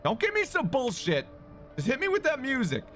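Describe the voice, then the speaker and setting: A man live-streaming who talks loudly and excitably, swearing and greeting viewers in chat. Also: very high voice, a little fast, soft background music.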